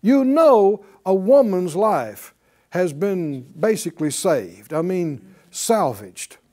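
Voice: medium pitch, sing-song, slow pace, mellow. A Bible teacher giving a broadcast lesson in a conversational way, often asking the audience rhetorical questions and chuckling while telling the story.

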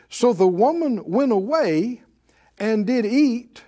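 A man's voice: very high-pitched, expressive, takes it slowly, warm tone. A man preaching a sermon in a conversational way, calling out questions to the congregation.

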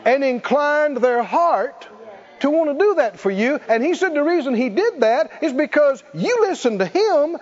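A man's voice: extremely high pitch, lively intonation, normal speed, big-room sound. A man preaching a sermon, leading the congregation in call-and-response and laughing between points. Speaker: pastor. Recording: muffled church recording.

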